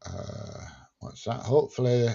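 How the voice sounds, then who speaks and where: A man's voice: mid-range voice, fairly even intonation, measured pace, dark tone, highs cut off. A man hosting a casual livestream, reading out viewer questions and answering them plainly. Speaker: livestream host answering chat. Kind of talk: casual chat.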